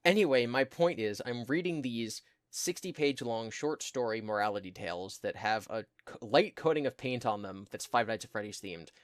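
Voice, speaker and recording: A man's voice: medium pitch, animated, normal speed, hardly any pauses, dry recording, studio quality. A man co-hosting a podcast, casually recounting a story in a rambling way, full of fillers and mocking quoted voices. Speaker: podcast co-host. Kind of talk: casual chat, retelling a story.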